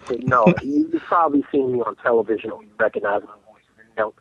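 A man on a call-in line tells animated stories and keeps stumbling over his own restarts. His voice is gravelly and lively, and it comes through a tinny, dry phone connection. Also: medium pitch, quick pace, dry recording. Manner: animated storyteller who restarts his sentences. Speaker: call-in guest. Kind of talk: casual phone interview. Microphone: telephone.

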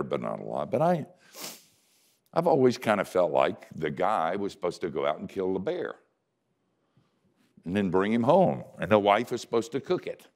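In a low voice, an older man preaching a sermon relates a story laced with self-deprecating dry wit. His volume rises to loud emphasis and drops to hushed tones.

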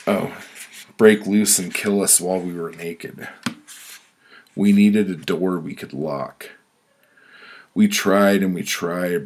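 Low gravelly guy reading his own story, flat and blunt, husky voice. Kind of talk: spoken-word storytelling.

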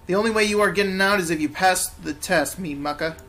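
A man's voice: sits high, brisk. A man doing a brash corrupt London copper. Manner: brash cockney slang, loud and scornful. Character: lazy corrupt male London policeman, cocky.

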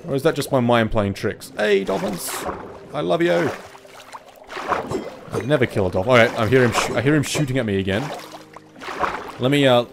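A man's voice: medium pitch, noisy background. A man giving panicky, swear-filled let's play commentary while he plays a video game. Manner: excitable, panicky, swears often. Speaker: gaming video host. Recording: game music playing behind. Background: game music and water sounds.

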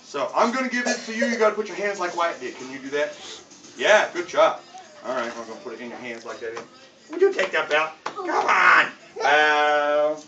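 A man's voice: on the high side, big pitch swings, moderate pace, highs cut off. A man teaching children as a martial arts instructor at a belt test, playful and encouraging, talking simply to kids in a studio. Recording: echoey room from far away with music.

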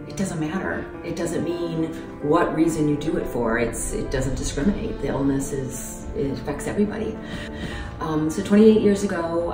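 A woman in her fifties giving an emotional personal testimony in an interview, halting and earnest, close to tears. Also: low voice. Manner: earnest, halting, many ums. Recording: roomy distant mic with music.

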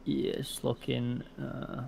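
Gravelly-voiced male gaming buddy. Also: medium pitch, drawn-out words. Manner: relaxed, explains things step by step. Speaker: gaming friend. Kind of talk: casual gaming chat on a voice call.

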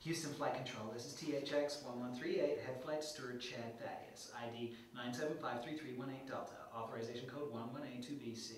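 A man's voice: mid-range voice, fairly even intonation, brisk, few pauses, a little hiss or hum, lightly acted. A man playing a bitten male flight steward turning zombie, rattling off codes in a clipped way. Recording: echoey room, mic far off.

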